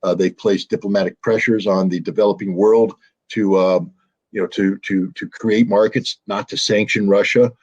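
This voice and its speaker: Husky man, animated political commentary. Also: on the low side, moderate pace, lo-fi sound. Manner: hesitant fillers, then animated and emphatic. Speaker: guest analyst. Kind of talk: interview commentary.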